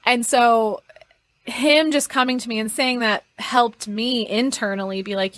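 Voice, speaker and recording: A young woman telling a personal story as a podcast guest, chatty and expressive, laughing often and filling her sentences with "like" and "um". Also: a little high, measured pace, dry recording.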